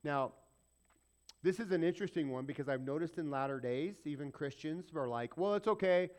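A man's voice: a little high, fairly quick, darkish tone. A man preaching a conversational sermon, asking rhetorical questions and repeating points for emphasis. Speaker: pastor.

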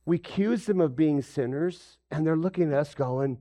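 A man preaching a sermon as pastor, asking his listeners questions and acting out the lines he quotes. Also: normal speed. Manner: animated, acts out quoted voices with big pitch jumps; asks the congregation questions.

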